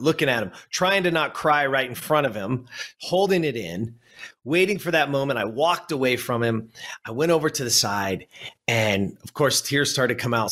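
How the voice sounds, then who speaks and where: A man in his fifties with a husky, slightly breathy voice, telling a personal story to an interviewer. He speaks in earnest at a middle pitch, leaning on repeated phrases for emphasis and speaking directly to the listener. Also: fairly bright tone. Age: 50s. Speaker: guest, coach and former athlete.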